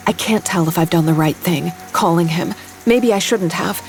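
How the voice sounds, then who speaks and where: A young woman narrating her own story in first person in an audio drama, quiet and haunted, in an inner monologue. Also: on the low side, moderate pace, faint music behind. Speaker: narrator and lead character.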